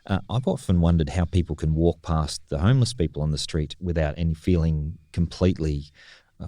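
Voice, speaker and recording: A man's voice: very deep voice, fairly quick, mellow, dry recording, clean studio sound. A man co-hosting a podcast, talking in a reflective, thoughtful way with frequent restarts. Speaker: podcast co-host. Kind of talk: casual discussion.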